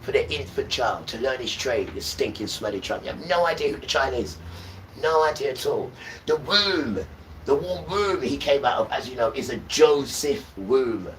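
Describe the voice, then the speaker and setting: A man's voice: mid-range voice, animated, moderate pace, a bit bright, distant mic, a little hiss or hum, poor audio. A man preaching and ranting to viewers on a livestream, often checking in with "right?".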